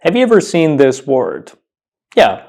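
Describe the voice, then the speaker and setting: A man teaching English pronunciation, saying each word slowly several times and asking the viewer questions. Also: fairly high pitch, huge pitch swings, creaky, darkish tone. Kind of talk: pronunciation lesson.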